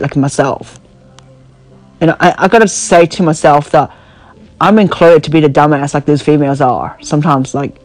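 A woman hosts a podcast over the phone, launching into a blunt, profane, casual rant filled with "you know" and "like," her voice worn out from talking. It sits low and is a little mellow, with no room sound and poor audio quality.

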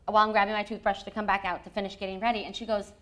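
A woman in her thirties, a guest telling a personal story in a lively, animated way, often laughing. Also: mid-range voice, rapid-fire. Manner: lively, acts out quoted voices, laughs often.

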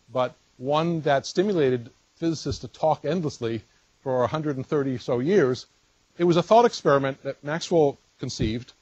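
A man's voice: mid-range voice, a little mellow, breathy edge, dry recording, highs cut off. A man lecturing at a university physics colloquium, explaining step by step with fillers and restarts.

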